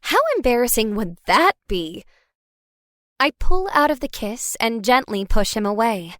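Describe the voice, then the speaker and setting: A woman reading a first-person story aloud as an audiobook narrator, expressive and wry. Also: fairly high pitch, a little slow, dry recording, clean studio sound.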